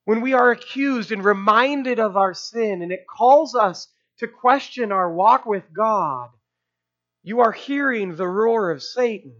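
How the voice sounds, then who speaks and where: A man's voice: high voice, animated, measured pace, a bit bright, lo-fi sound. A man preaching a sermon, emphatic, with rhetorical asides and repeated phrases. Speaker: pastor.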